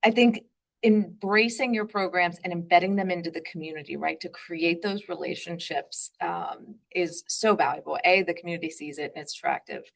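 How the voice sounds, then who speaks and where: A woman hosting a webinar interview over a video call, talking fast and upbeat, with frequent ums and rights. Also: fairly low pitch, vocal fry. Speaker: webinar host.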